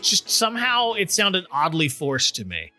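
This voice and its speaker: A man's voice: high voice, huge pitch swings, moderate pace, music in the background. A middle-aged man hosting a casual chat recap, wry and joking. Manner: wry, joking, puts on silly voices for quotes. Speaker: podcast host recapping a TV special.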